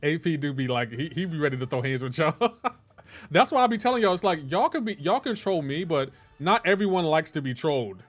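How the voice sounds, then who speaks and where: A man's voice: on the high side, very animated, brisk. A man streaming a game live and chatting with his viewers, playful and teasing, with mock-offended banter. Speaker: livestream gamer. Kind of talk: casual chat with live chat viewers.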